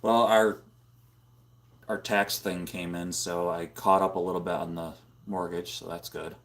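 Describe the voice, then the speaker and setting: A man hosting a casual livestream from a home room, rambling and filling his talk with "dude" and "like," close on a boom-mounted microphone. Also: little pitch movement, unhurried. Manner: rambling, filler-heavy, says "dude" and "like" a lot. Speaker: livestream host. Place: home room full of computer monitors.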